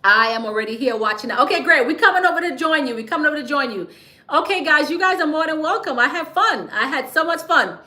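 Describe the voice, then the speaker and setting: Chatty, bright-voiced woman streaming in an echoey room. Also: high voice, animated, fast talker. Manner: chatty and playful, laughs often, drops into a whisper to share tips. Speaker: livestream host teaching business credit. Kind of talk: casual livestream talk to viewers.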